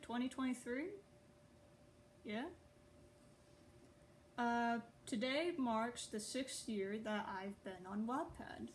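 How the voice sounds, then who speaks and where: Speaking into a phone, a young adult online writer and video creator rambles casually to her audience, chatty and quick to laugh at herself. Her slightly high voice comes through poor audio with a little hiss or hum.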